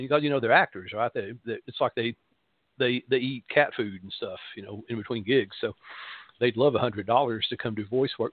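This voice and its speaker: A middle-aged Southern American man talks loosely through his radio show, circling with fillers and wry jokes at his own expense. His voice sits at an ordinary pitch. It comes through a narrow, tinny line with a dry, close sound. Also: fairly quick, dry recording. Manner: rambling, many uh fillers, self-deprecating humor. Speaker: pastor hosting a spiritual radio show. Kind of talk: casual spoken radio monologue.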